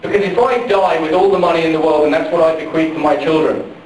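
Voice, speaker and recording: A man's voice: fairly high pitch, steady tone, quick pace. A middle-aged man giving an impassioned political speech at a public forum, repeating questions and phrases for emphasis. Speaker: campaign speaker at a public forum. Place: large public hall during a power failure. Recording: very echoey hall, picked up from far off, faint noise.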